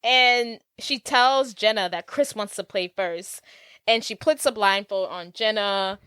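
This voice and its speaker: A woman's voice: medium pitch, a little slow, sharp tone, clear, resonant tone, no echo. A woman in her thirties co-hosting a podcast, retelling a film's plot with playful commentary. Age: 30s. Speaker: podcast co-host. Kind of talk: casual chat retelling a film.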